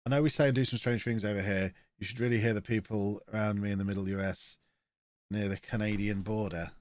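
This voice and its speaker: A man's voice: lowish voice, fairly even intonation, fast, a little mellow. A man with a blocked nose, chatting and joking through a live-streamed game commentary as he reacts to his chat.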